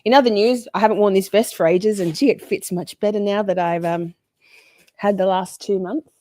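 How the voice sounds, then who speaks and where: A woman's voice: medium pitch, fairly even intonation, normal speed, dark tone. A woman hosting a live stream, chatting casually, greeting viewers by name with a bubbly, sweary manner. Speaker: livestream host.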